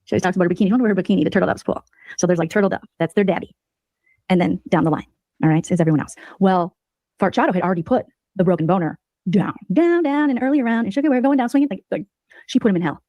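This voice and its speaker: A woman giving sarcastic, mocking gossip commentary as a streamer, telling the story in an animated way. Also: mid-range voice, rapid-fire, dry recording.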